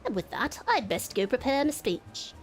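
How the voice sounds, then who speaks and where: A woman voicing a boastful elderly male merchant in a game playthrough, with gruff, pompous old-fashioned speech. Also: high voice, very animated, normal speed, faint music behind. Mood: blustering.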